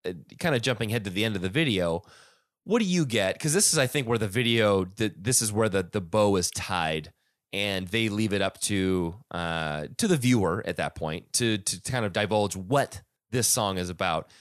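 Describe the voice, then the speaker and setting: A man's voice: lowish voice, expressive, normal speed, dry recording, studio quality. A man hosting a casual podcast about a music album, rambling with many restarts and fillers. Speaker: podcast host.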